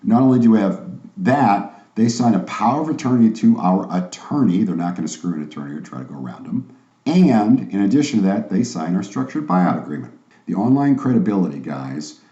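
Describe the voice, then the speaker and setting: An online course instructor teaches sales training in a confident, emphatic, salesy manner. His voice sits low and warm, and the recording sounds roomy and slightly dull.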